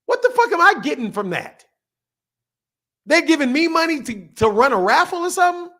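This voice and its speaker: Male reaction host with a very high voice, swearing, incredulous, circling back to the same point. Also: sing-song, brisk, a bit bright. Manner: profane, incredulous, repeats himself, laughing asides. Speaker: boxing channel host. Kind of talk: casual reaction rant.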